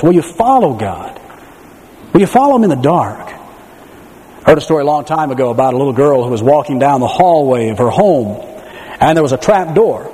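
Male preacher, animated sermon delivery, mellow voice, reverberant hall sound. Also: a little high. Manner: animated storytelling with rhetorical questions.

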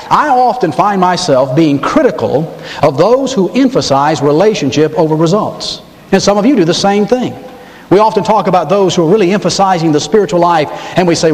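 A male pastor delivers a sermon, stressing points by repeating words and pressing hard on them. His voice sits high for a man. It rings through a sanctuary with a long, trailing reverb. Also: darkish tone.

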